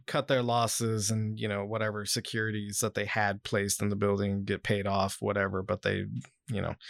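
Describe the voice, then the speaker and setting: A man's voice: on the low side, clear, resonant tone, dry recording, clean studio sound. A man hosting a casual podcast, rambling with lots of fillers and swearing, sometimes reading an article aloud. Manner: reads article passages aloud. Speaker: podcast host.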